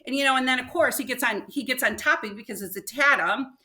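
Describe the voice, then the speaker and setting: An older woman, a podcast guest, telling a personal story in an animated way and acting out what people said. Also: high-pitched, fast talker.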